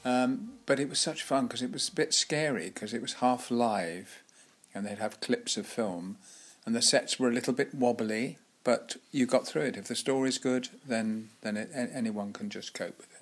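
A man's voice: mid-range voice, moderate pace. An older man and former actor, telling chatty, laughing anecdotes in an interview with frequent restarts. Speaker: guest actor.

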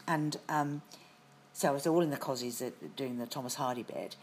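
Middle-aged british actress w a low voice spinning long stories, lots of restarts, faint hiss behind. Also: female voice, fairly quick. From Britain. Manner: lively storytelling with frequent restarts. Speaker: actress as guest. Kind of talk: anecdotal interview chat.

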